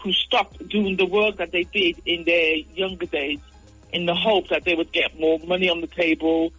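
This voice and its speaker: A man speaking as a radio show guest in a casual discussion, earnest and measured. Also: high voice, steady tone, pushed and bright, slightly rough, no echo, soft background music, rough recording.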